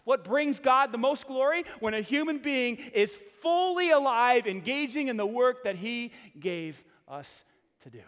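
Middle-aged male pastor with a high voice, conversational and emphatic sermon delivery, long hall echo. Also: fairly bright tone. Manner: conversational, emphatic preaching with repeated phrases.

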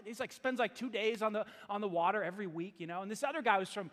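A man's voice: high voice, quick pace, a bit bright. A male pastor preaching a sermon, telling self-deprecating stories in a chatty way with laughs. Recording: hall reverb.

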